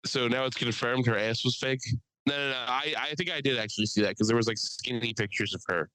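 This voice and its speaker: Podcast guy swearing a lot and telling stories, animated, dry close sound. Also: medium pitch, a little fast, no room sound, rough recording. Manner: profane, animated storyteller. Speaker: podcast co-host. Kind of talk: casual chat.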